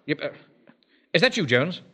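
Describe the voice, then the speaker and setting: An actor playing a pompous, self-important bank manager who also commands a volunteer platoon, speaking in a commanding manner. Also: male voice, a little high, big pitch swings, moderate pace, noisy background. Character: pompous middle-aged male bank manager and platoon officer. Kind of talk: period sitcom acting.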